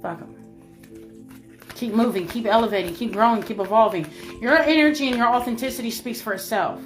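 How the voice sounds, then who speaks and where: A woman's voice: a little high, brisk, soft background music. A woman delivering a spiritual message to her viewers, emphatic and repetitive, swearing freely and calling the listener baby. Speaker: spiritual reader.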